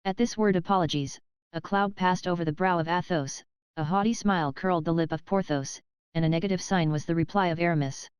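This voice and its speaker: A woman narrating an audiobook in a very smooth, lowish voice. Her reading is even and measured, and the recording is dry and close. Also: no room sound, rough recording. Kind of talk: scripted narration. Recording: dry close studio sound.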